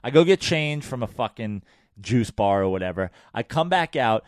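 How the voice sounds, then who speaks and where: A man's voice: medium pitch, animated, moderate pace, no room sound, studio quality. A man hosting a casual chat, laid-back and profane, answering with short agreements and telling his own story.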